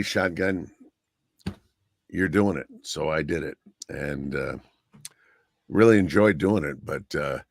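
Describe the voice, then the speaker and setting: Deep-voiced man telling rambling stories. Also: gravelly, a bit bright, no echo, studio quality. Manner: rambling storyteller, often saying "so anyway". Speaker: guest radio personality. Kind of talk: casual anecdotal chat.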